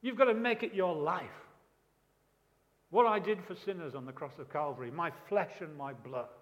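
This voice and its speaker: Male preacher, higher voice, emphatic, rhetorical questions, long reverb of a church hall. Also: normal speed, highs cut off. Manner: emphatic, repeats key phrases, asks rhetorical questions. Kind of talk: sermon.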